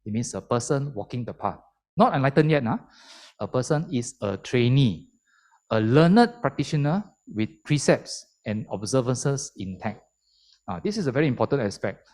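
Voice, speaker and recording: A man preaching a Buddhist sermon, his pitch leaping up and down as he drives home each point. He speaks in a mid-range voice, emphatic and methodical, walking listeners through the teaching step by step. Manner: animated and emphatic, explaining step by step. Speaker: lay Dhamma speaker.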